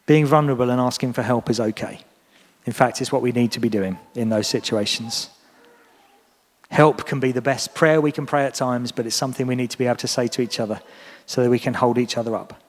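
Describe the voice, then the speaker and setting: A man's voice: mid-range voice, fairly even intonation, fairly quick. Earnest male preacher in a reverberant church. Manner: earnest, encouraging address to a congregation. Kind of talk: sermon. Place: church hall. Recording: long reverb of a church hall.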